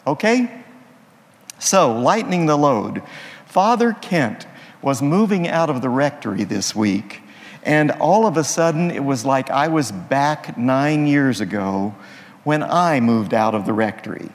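A priest delivering a sermon in a folksy, playful manner, leaning on jokes. His delivery is unhurried but full of rises and falls, on the higher side for a man. The sound carries a long reverb from the church. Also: expressive. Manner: folksy, playful joke-telling.

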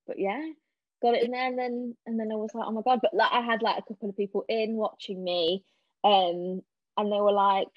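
A young woman chatting casually as a podcast guest, telling animated stories and acting out what people said. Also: medium pitch, a little fast, no echo. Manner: animated storyteller, acting out quotes. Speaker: podcast guest, stage actress. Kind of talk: casual chat. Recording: dull lo-fi sound.

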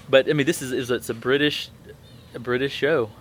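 A man's voice: medium pitch, moderate pace, a bit bright, slight background noise. A man in his thirties hosting a podcast, telling a story in a rambling way with many fillers and restarts. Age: 30s. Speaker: podcast host. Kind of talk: casual chat.

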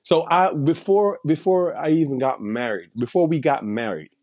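A man's voice: on the high side, moderate pace, a little mellow. A man telling a personal story in casual street slang, rambling, with many restarts and repeated phrases. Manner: heavy street slang and swearing.

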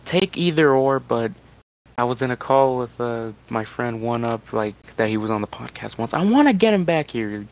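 A man's voice: medium pitch, animated, moderate pace, poor audio. A young man hosting a casual podcast, rambling with many restarts and fillers. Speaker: podcast host. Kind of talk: casual chat.

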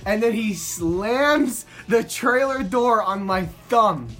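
A man's voice: sits high, animated, takes it slowly, a bit bright. A young man telling friends about a camping trip in a chatty way, laughing as he goes. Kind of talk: casual storytelling with friends.

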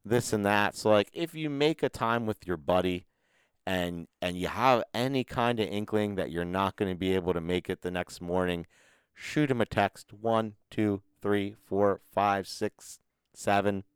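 A man co-hosting a casual podcast, telling a long story in a profane, animated way. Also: on the low side, a little slow, clean tone, dry recording. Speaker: podcast co-host. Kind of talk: casual chat.

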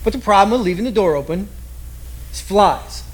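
A man preaching a sermon with lively storytelling, acting out the people he quotes. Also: high-pitched, normal speed. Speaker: pastor.

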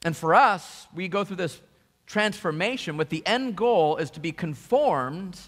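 A pastor in full sermon mode, his voice sitting high for a man. He preaches earnestly, speaking straight to the congregation and building to emphatic peaks. A long reverb from the hall trails after each phrase. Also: lively intonation, measured pace, a bit bright.

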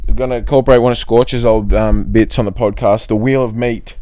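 A man hosting a solo comedy podcast, rambling and self-mocking in a deadpan way. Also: lowish voice, normal speed. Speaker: podcast host. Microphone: podcast mic.

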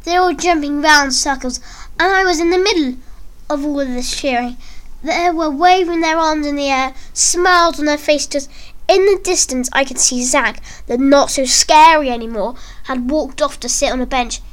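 A woman reading a first-person story aloud in an earnest, expressive way. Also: high voice, moderate pace. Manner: earnest, expressive read-aloud with acted quotes.

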